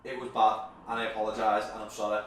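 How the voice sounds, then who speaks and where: A man's voice: lowish voice, level tone, quick pace, a bit bright, a little hiss or hum. A man hosting a casual boxing show, laughing and stammering as he mocks himself. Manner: laughing, self-mocking, stammering. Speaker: host. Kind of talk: casual banter. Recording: echoey room from a distance.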